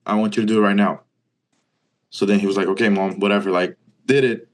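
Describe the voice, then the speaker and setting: A man's voice: fairly low pitch, fast talker. A young man in his twenties from Brazil, with a Brazilian accent and Portuguese as his first language, telling a story casually as an interview guest and acting out the dialogue. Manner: animated retelling, acting out quoted dialogue, frequent "like".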